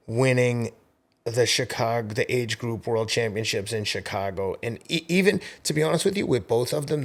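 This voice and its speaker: A middle-aged man in his fifties, a podcast guest telling race stories in a casual, animated way. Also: medium pitch. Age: 50s. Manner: animated storyteller, acts out quoted voices. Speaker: podcast guest, marathon runner. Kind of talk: casual storytelling interview.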